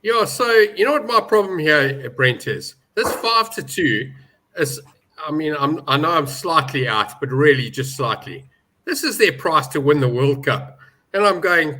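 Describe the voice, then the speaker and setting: A man's voice: a little high, animated, moderate pace, bright, forceful tone, slightly rough, low-quality recording. A man giving opinionated betting views in a casual panel chat, stressing his points hard. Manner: opinionated, emphatic about prices. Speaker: betting pundit.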